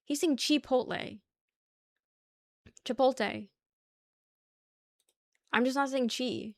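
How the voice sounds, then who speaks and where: A woman's voice: sits high, normal speed, no echo. A young woman hosting a casual livestream, chatting loosely with her viewers, swearing and laughing often. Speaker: livestream host. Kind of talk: casual chat with chat.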